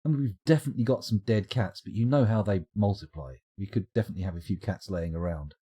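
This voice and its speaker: A man's voice: lowish voice, fast talker, warm tone, breathy edge. A man casually commenting on his game during a live stream, joking, rambling and reading out chat messages. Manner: jokey, rambling, reads chat aloud.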